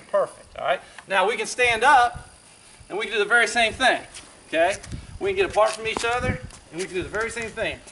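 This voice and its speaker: High-voiced man coaching basketball drills. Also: pushed and bright, a little hiss or hum. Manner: encouraging coaching patter with quick cues. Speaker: parks and recreation director coaching basketball. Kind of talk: outdoor basketball drill demonstration.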